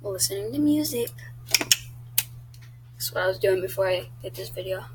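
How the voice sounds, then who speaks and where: A woman's voice: mid-range voice, expressive, normal speed, very noisy. Chatty blunt teenage girl vlogger. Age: teens. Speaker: YouTuber. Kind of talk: casual vlog chat.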